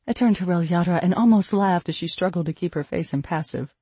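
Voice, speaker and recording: A man reading a first-person fantasy novel aloud in a steady storytelling voice. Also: high voice, fast, few pauses, husky, no room sound. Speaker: audiobook narrator.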